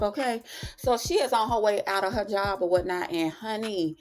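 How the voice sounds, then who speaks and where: A woman hosting her own TV recap channel, telling the story in a casual, sassy and animated way. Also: mid-range voice, a little fast, faint music behind. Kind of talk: casual review vlog.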